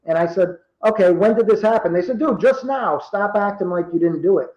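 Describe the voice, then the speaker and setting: Man, fifties, from Rhode Island, animated storyteller, muffled lo-fi sound. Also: sits high, a little fast, echoey room. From Rhode Island, USA. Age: 50s. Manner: animated storyteller acting out quoted dialogue. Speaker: guest. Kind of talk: casual storytelling.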